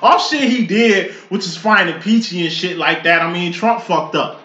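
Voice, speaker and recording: A man, giving a casual, profane tarot reading that rambles and breaks into loud outbursts. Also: sits high, moderate pace, reverberant, dull audio. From Chicago. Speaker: tarot reader.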